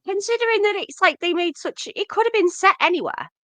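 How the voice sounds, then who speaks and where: Bright-voiced woman chatting about films. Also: very high-pitched, fairly quick, no echo. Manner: chatty, lots of fillers, rising excitement. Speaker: podcast co-host. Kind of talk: casual film discussion.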